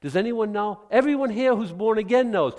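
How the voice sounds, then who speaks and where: A man preaching a sermon as pastor, animated, swinging from hushed asides to loud exclamations. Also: sits high, fairly quick, in a large hall.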